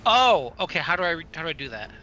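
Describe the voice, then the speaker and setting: A man's voice: a little high, sing-song, fast talker, bright, forceful tone, lo-fi sound. A man playing a tabletop role-playing game, hesitant and unsure of the rules. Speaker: player. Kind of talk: casual tabletop game chat.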